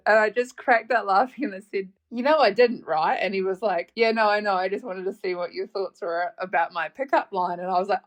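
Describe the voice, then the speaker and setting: A young woman with a New Zealand accent tells a story on her podcast. She talks in a loose, chatty way, laughs often and swears freely. Her voice sits at a middle pitch. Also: lively intonation, brisk, hardly any pauses. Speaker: podcast host. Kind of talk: casual storytelling monologue.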